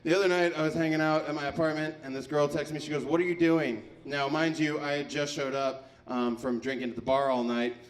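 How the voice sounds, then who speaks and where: A man in his thirties works through a stand-up set, his voice sitting a little high for a man. He tells crude, self-deprecating stories and now and then bursts into loud shouts. It is a live stage performance into a mic on a stand. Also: steady tone, brisk, few pauses. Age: 30s. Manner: profane, self-mocking storytelling with sudden shouted bursts. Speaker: stand-up comedian. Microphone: handheld mic on a stand.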